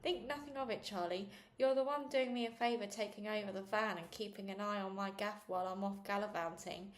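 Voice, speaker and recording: A woman's voice: medium pitch, steady tone, a little fast, lightly acted. A woman reading aloud, voicing a cheerful middle-aged male chip-van owner who talks in a chummy way and calls people sweetheart. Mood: jovial. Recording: echoey room.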